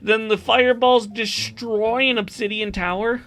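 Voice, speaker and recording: A young man hosting his own channel, giving a casual, exasperated movie review rant with laughs and sudden loud outbursts. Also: sits high, level tone, measured pace, soft background music. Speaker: channel host.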